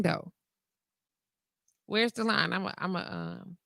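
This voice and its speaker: A woman's voice: fairly high pitch, unhurried, creaky, pauses often, no echo. A woman, hosting a casual live call-in show and talking candidly, with frequent laughter. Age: 40s. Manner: candid, animated, laughs often, reads comments aloud. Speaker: internet radio talk show host.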